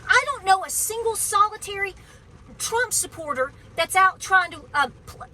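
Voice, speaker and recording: A woman's voice: very high-pitched, animated, moderate pace, pushed and bright, a little hiss or hum, low-quality recording. A woman homesteading vlogger speaking outdoors on her farm in an impassioned, preachy, emphatic way. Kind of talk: outdoor political vlog rant.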